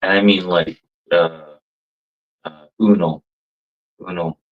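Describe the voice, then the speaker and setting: A man's voice: low-pitched, fairly even intonation, slow, narrow, tinny audio. A man telling rambling, profane stories in a casual monologue, laughing as he goes. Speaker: livestream chatter.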